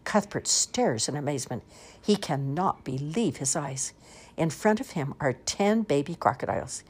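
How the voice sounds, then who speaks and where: A woman reading children's picture books aloud in an expressive, sing-song storytelling manner. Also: deep voice, moderate pace, slightly rough.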